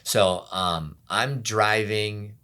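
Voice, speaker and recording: A man with a very deep, low voice, speaking as a pastor in a sit-down interview. He tells his story candidly and softly, often trailing into a murmur, and briefly acts out what others said to him. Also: drawn-out words. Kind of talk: personal testimony interview.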